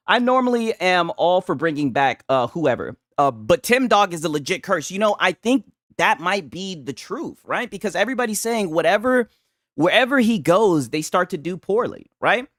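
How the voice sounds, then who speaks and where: A man's voice: sits high, sing-song, normal speed, fairly bright tone, no echo, studio quality. A man casually chatting with his viewers and reading chat on a livestream, laid-back, swearing a lot and laughing often. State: tipsy from a couple of beers.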